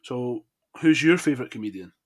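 A man's voice: medium pitch, lively intonation, brisk. A man hosting a podcast, asking questions in an easygoing, casual chat. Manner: easygoing questioner, laughs often. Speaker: podcast host.

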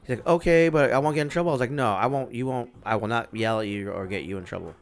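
Speaking quickly in a mid-range voice, this thirtysomething podcast host tells a story in casual chat. He's lively, curses freely, and performs the quoted lines himself.

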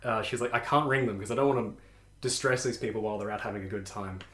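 Bright-voiced man telling stories. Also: fairly low pitch, quick pace. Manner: animated, laughing, many restarts. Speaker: podcast co-host. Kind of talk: casual storytelling. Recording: echoey room.

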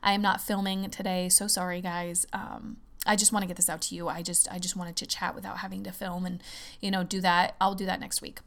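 Gravelly, excitable woman podcast host. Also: on the low side. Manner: excitable, fast-talking, swears often. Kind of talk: casual solo podcast chat.

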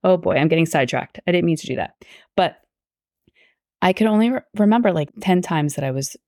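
Earnest woman, low voice, dry sound. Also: fairly quick, a little mellow, no room sound. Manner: earnest, tangent-prone, quotes herself aloud. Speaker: podcast host; teacher. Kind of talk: personal faith podcast storytelling.

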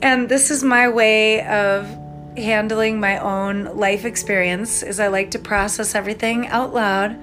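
Woman rambling out loud into her phone, slow unhurried talk, faint music underneath. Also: medium pitch, fairly even intonation. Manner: rambling, tangential, spontaneous. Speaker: podcast host and online English tutor. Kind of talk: rambling spoken-aloud voice memo. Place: home, Minnesota.

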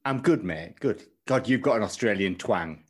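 A man's voice: on the low side, expressive, moderate pace, breathy edge. A man hosting a casual podcast interview over a video call, chatty and bantering with his guest. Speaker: podcast host.

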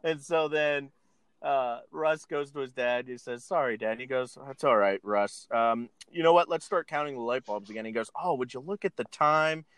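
A man's voice: mid-range voice, normal speed, fairly bright tone, clean tone, no echo. A man casually retelling a film scene by scene, laughing often and acting out the characters' lines. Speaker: podcast co-host recapping a film. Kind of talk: casual chat.

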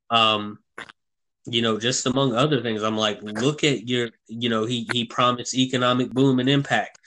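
Man, podcast host, earnest rambling opinion talk, bright tone. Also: medium pitch, a little hiss or hum, rough recording. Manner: earnest, rambling, many restarts and asides.

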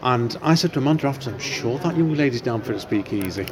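Café crowd chatter surrounds a male podcast host in a library café as he rambles through a casual interview, leaning on lots of fillers. He speaks at a quick pace with a medium, animated voice.

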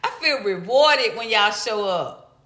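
A woman hosting a casual live stream, talking to viewers and breaking off to greet them in high, excited bursts. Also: slow, echoey room.

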